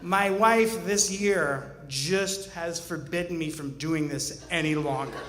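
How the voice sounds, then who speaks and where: A man's voice: fairly high pitch, takes it slowly, fairly bright tone. A man in his forties telling a personal story on stage, earnest with wry humor. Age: 40s. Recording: roomy hall reverb, faint ambience.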